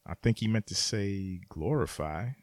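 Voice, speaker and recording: A man's voice: deep voice, moderate pace, darkish tone, no echo. A man co-hosting a podcast, weighing in on beats in a hesitant, easygoing way. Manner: hesitant, easygoing, laughs often. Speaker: podcast co-host reviewing beats. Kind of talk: casual chat.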